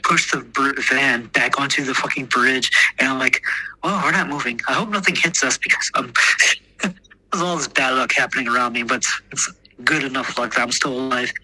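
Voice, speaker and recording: A man with an American accent tells a long story in a loose, rambling way, with plenty of swearing and "like" fillers. His voice has a very sharp, tense edge, and he keeps laughing at his own jokes. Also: mid-range voice, low-quality recording. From Texas, United States. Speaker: guest. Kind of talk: casual storytelling.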